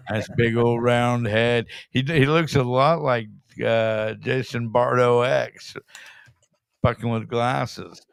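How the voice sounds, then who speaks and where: A man's voice: mid-range voice, vocal fry, clean tone, dry recording. A man hosting a casual chat show, blunt and swearing freely. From California. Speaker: show host.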